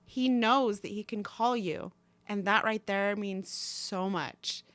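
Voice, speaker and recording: A woman guesting on a podcast, speaking in a calm, measured, reassuring way. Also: medium pitch, dry recording. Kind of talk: casual supportive chat.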